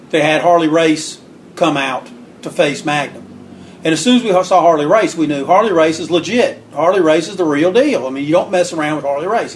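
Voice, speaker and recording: A man guest on an interview, telling stories in an animated way, acting out what people said and clearing his throat now and then. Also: fairly high pitch, slight background noise. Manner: animated storyteller acting out quotes. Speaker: guest author. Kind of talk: storytelling interview.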